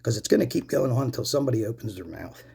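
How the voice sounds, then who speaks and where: Racing along with lively intonation, this mid-range voice is gravelly, mellow and slightly rough. It belongs to a forties-aged Pennsylvania vlogger who smokes while angrily ranting to camera, swearing often and addressing viewers as "people."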